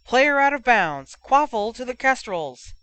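A woman voicing a brisk referee barking out calls. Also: extremely high pitch, very animated, sharp tone, smooth, no room sound, pitched above the performer's own voice, exaggerated voice. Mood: calling fouls. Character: match referee, brisk and official.

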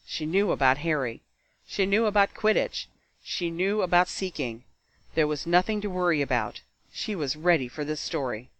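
A man narrating a fan fiction story aloud with steady, expressive storytelling. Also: high-pitched, low-quality recording. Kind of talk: fan fiction audiobook reading.

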